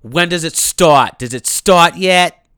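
Man putting on a rude, loud woman at the ticket booth, pushy and abrupt, bright and forceful. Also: a little high, expressive, normal speed, clear, resonant tone, no room sound, clean studio sound, pitched above the performer's own voice. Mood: demanding.

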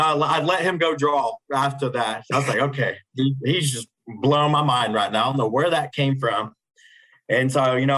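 A man's voice: a little high, fairly bright tone, rough recording. A young man from the United States, a teacher and podcast guest, telling a personal story in an earnest, casual way, often repeating words as he goes. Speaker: guest, special education teacher.

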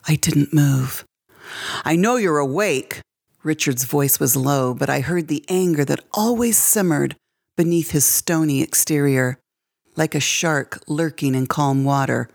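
A woman reading her own short story aloud in a measured, expressive way. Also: deep voice, vocal fry. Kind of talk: audiobook-style story reading.

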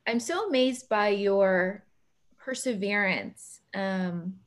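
Casting: woman podcast host, mid pitch, soft-hearted and laughing, video-call interview. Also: slow. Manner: warm, emotional, laughs often.

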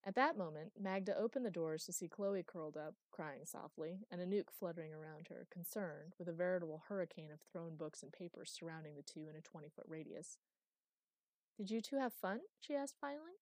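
A woman narrates an audiobook in a steady, wry storytelling voice. Her voice sits low, with a mellow, warm tone. The recording is close and dry. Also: a little fast, few pauses, no echo. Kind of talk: scripted narration.

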